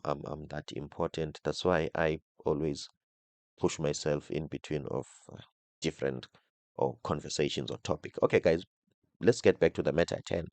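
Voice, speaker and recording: A man's voice: low voice, darkish tone, no echo. A man recording a coding tutorial, explaining step by step while thinking aloud, restarting words and checking in with "okay?" after nearly every point. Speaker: coding instructor.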